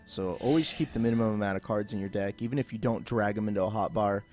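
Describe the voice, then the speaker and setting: A man with a lowish voice walks through a video game tutorial in an easygoing, off-the-cuff voice-over. He rambles a bit and leans on fillers. Soft music plays faintly underneath. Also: fast talker. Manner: casual and rambling, with many fillers. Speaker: gameplay tutorial host.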